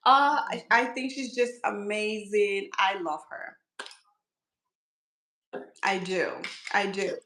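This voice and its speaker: A woman's voice: mid-range voice, fairly even intonation, slow, long pauses, a bit bright, echoey room, slight background noise, low-quality recording. A woman hosting a casual skincare channel chat, teasing her friend and laughing often.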